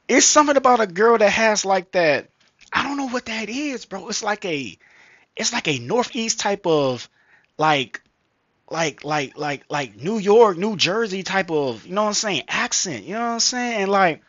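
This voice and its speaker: A man's voice: sits high, sing-song, normal speed, fairly bright tone, no echo, highs cut off. A man vlogging casually into a headset mic, rambling with slang, profanity and lots of fillers. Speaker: vlogger reacting to a video. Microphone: gaming headset microphone.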